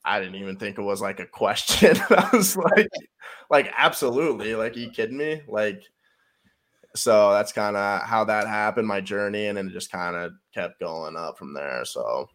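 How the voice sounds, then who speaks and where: Young male athlete guest, lowish voice, loose and rambling, filler-heavy, swears freely. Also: normal speed, a bit bright. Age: young adult. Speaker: college football player guest. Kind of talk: casual storytelling.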